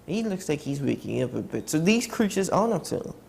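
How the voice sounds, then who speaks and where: A man hosts a morning show, curious and quick with short questions. His voice sits a little high with a gravelly edge, and faint noise hums behind it. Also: very animated, darkish tone. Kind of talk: casual studio chat.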